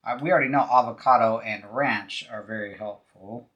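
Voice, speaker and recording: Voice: medium pitch, moderate pace, a bit bright, highs cut off. Laid-back co-host in an echoey room. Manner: laid-back, short replies. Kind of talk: casual chat.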